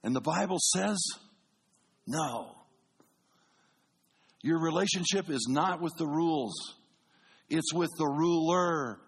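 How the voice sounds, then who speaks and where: A man, a pastor, preaching a sermon with animated storytelling that swings between booming and hushed delivery. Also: takes it slowly, long pauses, breathy edge.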